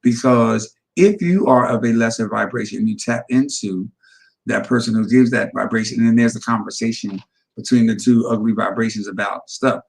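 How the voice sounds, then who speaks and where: A man's voice: medium pitch, moderate pace, vocal fry, low-quality recording. Man, host, casual spiritual chat, eager, interjects, repeats phrases.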